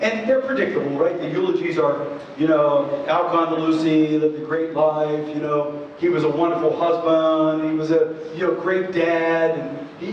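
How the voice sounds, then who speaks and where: Male presenter, higher voice, earnest conversational storyteller; dull, distant recording in a large hall. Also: darkish tone, a little hiss or hum. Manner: earnest, many asides and "you know"s.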